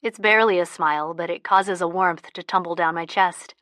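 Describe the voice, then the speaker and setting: A woman narrating a first-person audiobook in a soft, intimate manner, close to the mic. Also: on the low side, fairly even intonation, brisk, dry recording.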